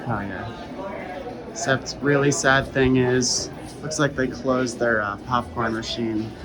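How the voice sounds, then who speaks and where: A man's voice: medium pitch, fairly even intonation, a little slow, over music. A man in his twenties hosting a casual gaming vlog, chatty and nostalgic as he looks around his old campus. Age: 20s. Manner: nostalgic, laid-back and chatty. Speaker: gaming vlogger host. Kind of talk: casual walking vlog narration.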